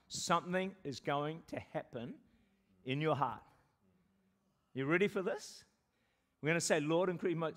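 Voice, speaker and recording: A New Zealand pastor delivers a sermon to his congregation during a church service, his voice pitched a little high for a man. He is animated, laughing often and joking with the people in the pews, then shifts into slow, drawn-out, pleading tones when quoting prayers.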